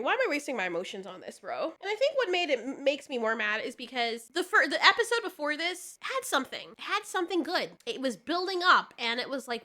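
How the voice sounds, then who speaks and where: A woman's voice: high-pitched, sing-song, fast, hardly any pauses, pushed and bright. A woman ranting in a profane, exasperated reaction commentary, often sputtering and laughing as she reviews a TV finale. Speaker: video reviewer.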